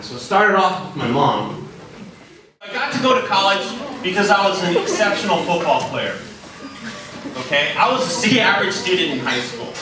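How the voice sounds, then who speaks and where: High-voiced man giving an echoey school talk. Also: moderate pace. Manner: energetic storytelling, asks the audience questions. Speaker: motivational speaker. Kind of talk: motivational talk to students. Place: middle school hall. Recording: very echoey, distant, noisy hall.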